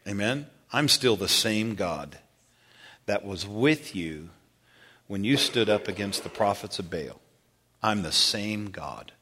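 A patient almighty God speaks low, soft and slow, as a preacher puts him on. The delivery is gentle and reassuring. It still has a bright edge. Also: male voice, lively intonation, big-room sound, a little hiss or hum, full character voice. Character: reassuring almighty male deity, calm and patient.

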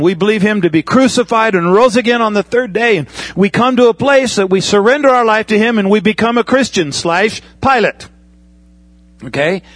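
Speaking in a high, fairly bright voice with no room sound, a male pastor preaches conversationally. He puts questions to the congregation, draws everyday comparisons including pilot analogies, and drops in asides.

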